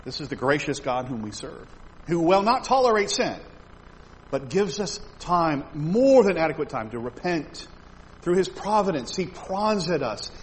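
A man's voice: fairly high pitch, very animated, moderate pace, slight background noise, rough recording. Emphatic man preaching a sermon. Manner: emphatic, swells loud on key phrases, repeats words.

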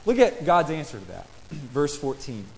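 A man's voice: on the high side, sing-song, normal speed, vocal fry, darkish tone. A man preaching a sermon and reading scripture, talking in a conversational way and putting questions to his listeners. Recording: long reverb in a large hall.

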